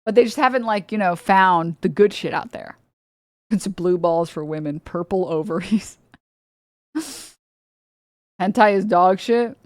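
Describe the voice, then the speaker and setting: A woman's voice: medium pitch, unhurried, long pauses, dry recording, clean studio sound. A woman streamer ranting casually, rambling with lots of "like", swearing and laughing often. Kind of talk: casual livestream rant. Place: home streaming setup.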